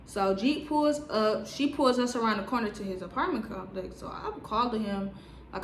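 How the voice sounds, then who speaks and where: Slangy, animated young woman in a roomy room. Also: mid-range voice, normal speed, a little hiss or hum. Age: 20s. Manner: animated, slangy storytelling with many "like" fillers. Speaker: vlogger. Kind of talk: storytime vlog. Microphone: on-camera mic.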